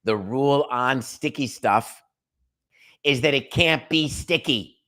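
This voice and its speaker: A man's voice: mid-range voice, slow, pushed and bright. A middle-aged man hosting a sports talk show, ranting in an opinionated, sarcastic monologue. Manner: sarcastic, emphatic, rants with mock quotes.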